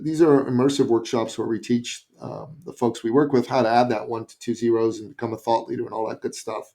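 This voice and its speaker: Lively male guest telling a story. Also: mid-range voice. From Canada. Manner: lively anecdotal storyteller with emphatic asides. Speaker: podcast guest, business coach. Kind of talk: storytelling in an interview.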